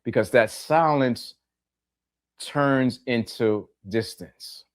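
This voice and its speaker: A man's voice: medium pitch, drawn-out words. A middle-aged man hosting a podcast, talking plainly to his listeners, repeating key phrases for emphasis and asking them direct questions. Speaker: podcast host. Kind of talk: reflective monologue to listeners.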